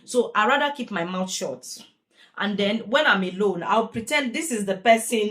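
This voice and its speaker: A woman's voice: mid-range voice, moderate pace, a bit bright. A young woman, a care worker talking in a chatty, earnest, repetitive way in a casual vlog. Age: young adult.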